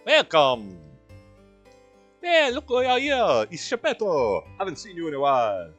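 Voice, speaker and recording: A man voicing a cheerful male innkeeper who warmly greets an old friend, in a raised, loud voice. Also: a little high, huge pitch swings, moderate pace, soft background music, voice pushed up, full character voice. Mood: jovial. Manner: jovial, welcoming.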